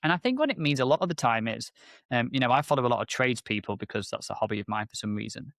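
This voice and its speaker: On a casual business podcast, an MSP business owner co-hosts with lots of energy, telling stories and acting out exchanges in a rising pitch. He talks very fast with a creaky voice, captured at studio quality with no room sound.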